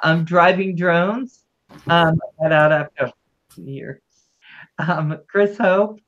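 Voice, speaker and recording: A woman's voice: lowish voice, takes it slowly, highs cut off. A woman hosting a livestream, chatting casually and greeting viewers with affectionate words. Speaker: livestream host.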